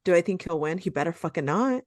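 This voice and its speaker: A woman's voice: fairly low pitch, lively intonation, fast, dry recording, studio quality. A woman co-hosting a podcast in casual chat, blunt and emphatic, swearing freely. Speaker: podcast co-host.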